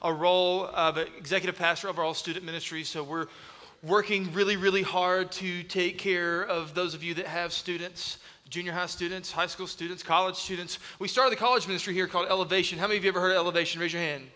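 A man in his thirties who serves as executive pastor of student ministry preaches a sermon full of humorous stories. His voice is high-pitched and he talks fast, acting out voices and shouting as he tells them. The large church hall gives the recording a long reverb.

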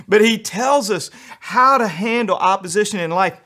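Quick, joking pastor. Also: male voice, sits high, animated, pushed and bright. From United States. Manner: humorous, quick storytelling with acted-out quotes. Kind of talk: sermon.

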